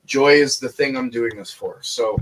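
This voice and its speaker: A man, an inventor, talking in a relaxed group video chat, animated and quick to laugh and swear. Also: mid-range voice, a crowd in the background. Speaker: inventor and show guest.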